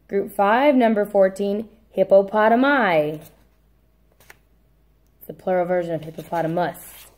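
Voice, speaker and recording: Woman teacher reading out a spelling list for her class; slow, repeats each word, quick apologetic corrections, mid-range pitch. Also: a little mellow. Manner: says each word slowly, repeats it, adds brief asides. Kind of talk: dictating a spelling test.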